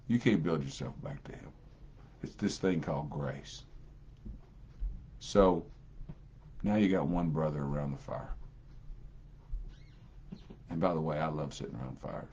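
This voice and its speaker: A man's voice: a bass voice, a little slow, pauses often, a little mellow, dull audio, a little hiss or hum. A man preaching a sermon with folksy storytelling and plenty of fillers.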